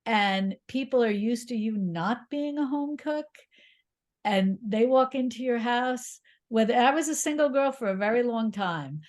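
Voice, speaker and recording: A middle-aged woman, a cookbook author, talking in an interview. She tells lively, encouraging stories and laughs often. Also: on the high side, unhurried. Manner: encouraging, reassuring. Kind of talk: conversational interview.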